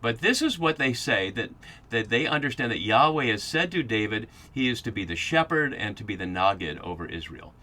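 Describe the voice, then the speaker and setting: Sing-song and a little fast, this man's low voice has a sharp edge as he teaches a Bible study on his podcast. He works through the passages out loud, restarting sentences and leaning on filler words.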